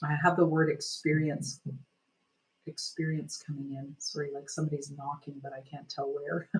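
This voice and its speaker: A woman energy healer guiding a healing session, speaking gently and soothingly, meandering with many "like"s and "sort of"s. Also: sits low, little pitch movement, moderate pace, rough recording.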